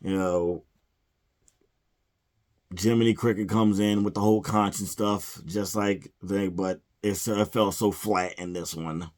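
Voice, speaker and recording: A man ranting casually about a movie, exasperated and sighing, often mumbling quick impressions of the characters. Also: low-pitched, fairly even intonation, darkish tone. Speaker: movie reviewer.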